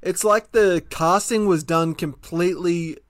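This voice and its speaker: A man's voice: sits high, measured pace, a bit bright, dry recording. A man with an Australian accent co-hosting a comedy podcast, ranting in a sweary, sardonic way. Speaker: podcast co-host. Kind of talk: casual comedic chat.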